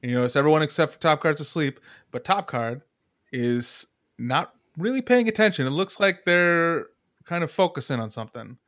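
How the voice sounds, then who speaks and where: A man running a tabletop game as game master, describing scenes in a relaxed way with fillers. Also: a little high, normal speed, no echo, clean studio sound.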